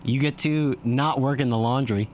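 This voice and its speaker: A man's voice: medium pitch, steady tone, normal speed, a little hiss or hum. A man from Texas, a podcast guest, telling stories in a laid-back way and laughing often. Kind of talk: casual podcast interview.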